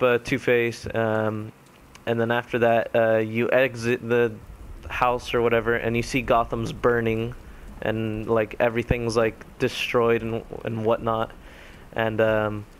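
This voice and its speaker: Casual young male gamer, mid-pitched, rambling recap full of ums, faint hiss behind. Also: monotone. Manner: rambling, filler-heavy retelling with quick quoted voices. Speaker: gaming commentator. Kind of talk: casual spoken game recap.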